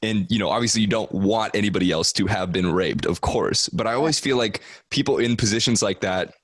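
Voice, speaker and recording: Low-voiced male podcast host. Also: fairly quick, no room sound. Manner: reflective, thinks aloud in long sentences. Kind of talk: casual interview chat.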